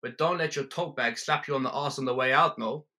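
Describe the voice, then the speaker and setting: A man voicing a young German metalhead who talks in a squeaky, teasing voice. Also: a little fast, sharp tone, natural voice. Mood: mocking. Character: young male German metalhead, cocky and mocking.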